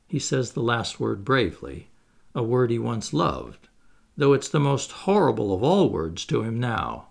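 A man reading a stage play aloud, giving the stage directions in an expressive, theatrical way. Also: medium pitch, a little slow, gravelly. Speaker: reader.

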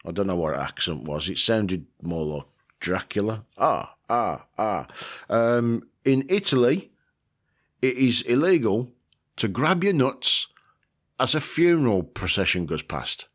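A man's voice: fairly low pitch, lively intonation, measured pace, fairly bright tone. A man hosting a casual video, rambling through a list with lots of ums, joking about himself and swearing now and then. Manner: rambling, self-mocking, with frequent ums and swearing. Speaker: video host.

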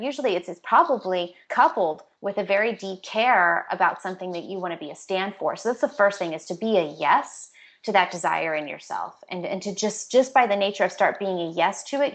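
Woman speaking coach on a podcast, earnest, lots of likes and you knows. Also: mid-range voice. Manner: warm-hearted, earnest, lots of "like" and "you know" fillers. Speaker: public speaking trainer, guest. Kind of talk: casual conversational interview.

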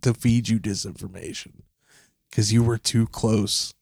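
A man guesting on a comedy podcast, speaking in a casual, wry, deadpan way. The recording is dry and close. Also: on the low side, a little slow, gravelly, slightly rough, no room sound.

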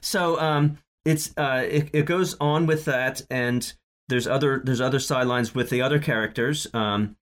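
A man's voice: medium pitch, moderate pace. A man co-hosting a casual chat, recapping a sitcom episode with many fillers, restarts and laughs. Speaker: podcast co-host.

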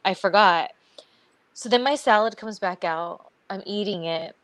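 A woman's voice: mid-range voice, moderate pace, no echo. A woman co-hosting a podcast, telling a long story in casual chat, acting out what people said and laughing often. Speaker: podcast co-host.

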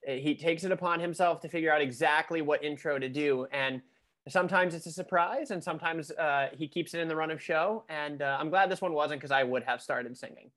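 A man's voice: fairly high pitch, a bit bright. A man co-hosting a podcast, talking enthusiastically and casually. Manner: enthusiastic, quick laughs. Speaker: podcast co-host.

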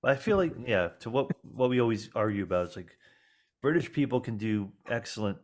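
A man co-hosting a casual movie podcast, relaxed and rambling, often repeating himself. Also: on the low side, brisk. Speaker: podcast co-host. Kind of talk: casual movie commentary chat.

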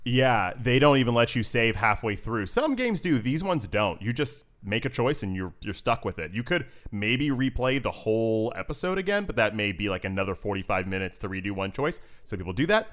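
Man, casual podcast chat, animated, laughs a lot, plays out little quotes. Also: on the low side, fairly quick, hardly any pauses. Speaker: podcast co-host. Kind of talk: casual chat about games.

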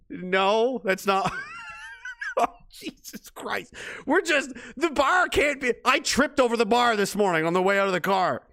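A man giving sarcastic reaction commentary, ranting profanely in the persona of a gruff spy-agency boss, rambling with many restarts. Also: very high voice, sing-song, slow pace, long pauses, sharp tone. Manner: rambling with frequent restarts and fillers.

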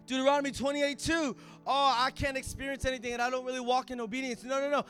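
A man preaching with a very high voice. His delivery moves from quiet, hushed asides up to loud shouted declarations. Faint music plays behind him. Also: flat delivery, quick pace, few pauses, clear, resonant tone. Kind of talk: sermon.

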